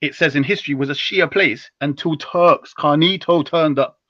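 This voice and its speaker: A young man is holding forth on a live stream in slangy, teasing banter, his voice bright and a touch high. He jumps from loud bursts to low asides. The sound is dry and a little dull, like lo-fi stream audio. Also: no echo. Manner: animated, teasing, slangy, rapid switches between loud and low.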